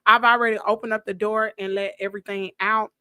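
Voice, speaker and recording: A woman hosting her livestream from a downstairs home office, telling a story in a lively, gossipy way. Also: medium pitch, brisk, smooth, dry recording. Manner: animated, gossipy Southern-style storytelling. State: coughing from bug spray fumes. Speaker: livestream host. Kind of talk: casual livestream chat. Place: her home's downstairs office, in front of a green screen.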